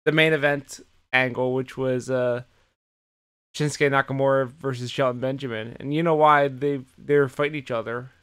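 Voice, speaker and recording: Clear-voiced man in animated recap. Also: medium pitch, normal speed. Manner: animated retelling, heavy swearing. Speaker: podcast co-host. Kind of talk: casual chat recapping wrestling.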